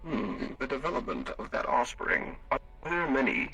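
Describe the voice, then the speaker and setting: A man voicing a formal augmented alien with servos, speaking in a measured, clipped way in a live role-play. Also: mid-range voice, big pitch swings, creaky, sharp tone, husky, heavily acted. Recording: distant mic with faint music.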